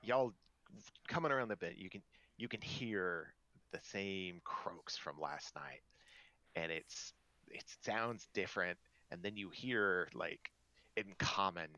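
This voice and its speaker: A man's voice: low-pitched, animated, slow pace, pushed and bright, no room sound, poor audio. A man running a tabletop game as game master, narrating in a loose, rambling way.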